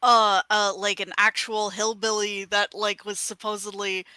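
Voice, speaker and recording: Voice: mid-range voice, flat delivery, measured pace, bright, forceful tone, clean tone, dry recording. A podcast co-host in casual chat, mostly giving brief reactions and wry asides.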